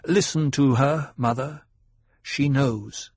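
A man voicing a weak but steady young visionary in an audiobook reading. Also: medium pitch, slow pace, husky, no room sound. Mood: weary.

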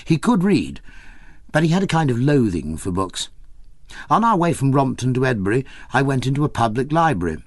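Give me a man narrating an audiobook in a wry, animated way, recorded dry. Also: mid-range voice, a little fast, no room sound.

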